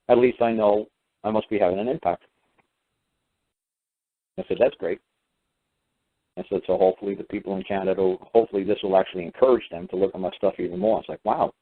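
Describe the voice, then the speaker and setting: A man's voice: on the low side, dry recording. A man hosting a radio show, telling a story in a blunt, mocking way and acting out the people he quotes. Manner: blunt, mocking, quotes others in put-on voices. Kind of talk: storytelling monologue. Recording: dry, tinny phone-line sound.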